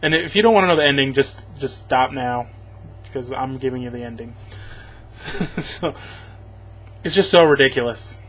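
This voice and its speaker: A man's voice: medium pitch, normal speed, pauses often, a bit bright. A man giving a rambling, sarcastic spoken movie review, chuckling as he goes. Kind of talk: casual spoken film review.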